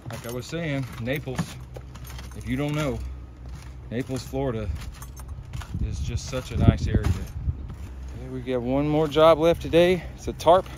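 A man's voice: mid-range voice, a little slow, long pauses. A man casually vlogging as a roofing contractor, chatting easily while eating and working outdoors. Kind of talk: casual vlog talk to camera. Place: outdoors by a car and on a roof, wind and traffic around. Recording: loud outdoor noise behind.

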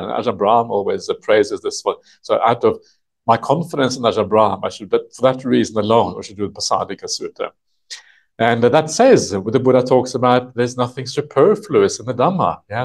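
A man teaching a retreat group as a monk, explaining a text patiently in a halting way full of "uh" and "yeah". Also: medium pitch, animated. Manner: halting, thinks aloud, many "uh" and "yeah" fillers. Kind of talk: unhurried dharma talk explaining a text. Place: retreat session with a live audience.

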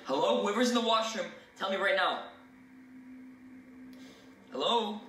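A man's voice: sits high, expressive, takes it slowly, pauses often, a bit bright, a little hiss or hum. A man filming a spooky vlog, talking jumpily to his viewers and calling them guys. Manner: jumpy, addresses viewers as guys. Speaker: video creator. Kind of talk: scripted haunted-doll vlog. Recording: roomy, distant, music underneath.

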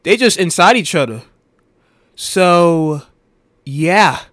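A man's voice: high voice, lively intonation, slow, a bit bright. A man hosting a gaming video in casual voice chat, often startled and firing off frantic repeated questions. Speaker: gaming YouTuber host. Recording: noisy game capture.

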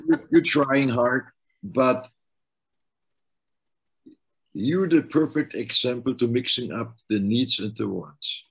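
Husky man with a German accent. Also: medium pitch, slow pace, pauses often, lo-fi sound. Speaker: life coach, co-host. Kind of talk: casual conversational coaching talk.

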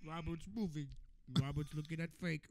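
A man co-hosting a comedy podcast in loose banter, profane and quick to laugh. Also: a little high, dry recording. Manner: animated and profane, laughs often. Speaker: comedian co-host.

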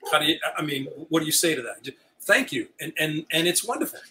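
An older man, a retiring high school teacher, telling stories as an interview guest and acting out the dialogue. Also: fast talker, background noise. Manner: animated, acts out quoted dialogue. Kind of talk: storytelling chat.

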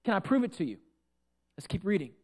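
A man preaching a sermon as pastor into a microphone in a church, with a loud, projecting voice that swings between big declarations and soft asides. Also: high voice, big pitch swings, fast talker, breathy edge. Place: church sanctuary.

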